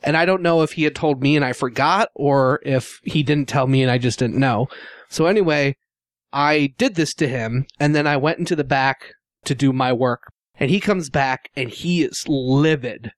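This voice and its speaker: A man with a fairly high voice tells a story with lots of energy and often laughs as he acts out what people said. The sound is dry and close, with no room echo. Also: fairly bright tone. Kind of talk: casual storytelling chat.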